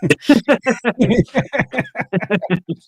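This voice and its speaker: A man hosting a casual chat, reacting warmly with short replies and reading out viewer comments. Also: very high voice, lively intonation, drawn-out words, husky. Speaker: host.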